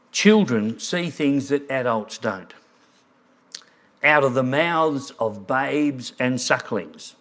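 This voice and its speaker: A man's voice: mid-range voice, a bit bright. A man preaching a sermon in a church, earnest, reading quotes aloud. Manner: earnest, reads quotes aloud, briefly moved. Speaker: pastor.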